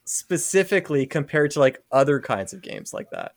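A man's voice: on the high side, very animated, normal speed, creaky. A man co-hosting a podcast in casual chat, mostly giving short, easygoing reactions and questions. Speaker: podcast co-host.

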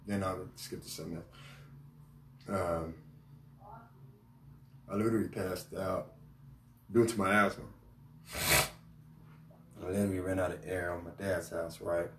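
Male podcast host, deep voice, emotional and repetitive storyteller, roomy distant recording. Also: steady tone, background noise. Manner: halting, emotional, repeats "literally" and restarts. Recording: roomy echo, mic at a distance, faint ambience.

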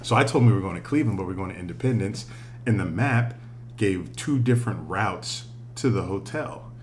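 Low-voiced man telling a story. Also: brisk, a little hiss or hum. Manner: animated, profane, laughs often. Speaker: podcast co-host. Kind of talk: casual storytelling chat.

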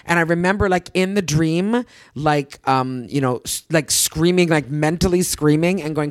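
A man with a slightly high voice tells a story in casual chat, breaking into voices for the people he quotes. He talks in quick bursts full of fillers. The room is dry and close. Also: steady tone, no room sound.

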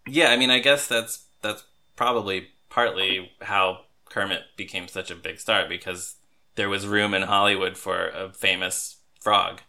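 A man hosting a podcast in casual, chatty talk, quick to laugh. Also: low voice, steady tone, bright, forceful tone. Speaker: podcast host. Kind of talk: casual chat.

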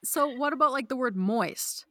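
A woman with a light Mexican Spanish accent, a podcast guest in casual chat, animated and quick to laugh and swear. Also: high-pitched, crowd noise.

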